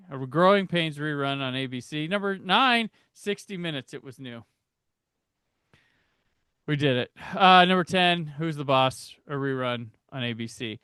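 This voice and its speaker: A man hosts a casual podcast, joking with his co-hosts and rattling off lists. His voice is bright and lively in pitch, and the recording is dry. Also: no room sound. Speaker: podcast host.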